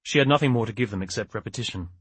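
A man reads a crime novel aloud in a steady, measured manner, his voice lowish and husky. The recording is close and dry, with no room sound. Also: no room sound. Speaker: audiobook narrator. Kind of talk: scripted narration.

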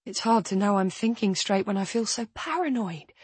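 A woman narrating an audiobook in the first person, speaking quietly and in a strained way. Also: medium pitch, animated, moderate pace, slightly rough, dry recording.

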